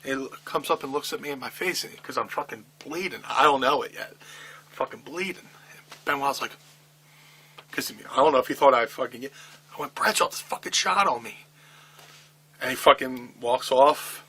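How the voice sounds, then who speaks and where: A middle-aged man with a bright, forward voice tells a backstage story in a shoot interview. He swears constantly and acts out the other people's lines as he goes. His pitch sits right in the middle for a man. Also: normal speed, slightly rough. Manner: profane, animated storytelling with acted-out quotes. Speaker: wrestler telling a backstage story.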